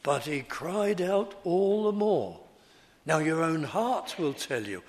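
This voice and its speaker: A man preaching a sermon in slow, deliberate, repetitive phrases. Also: fairly high pitch, very animated, a little mellow.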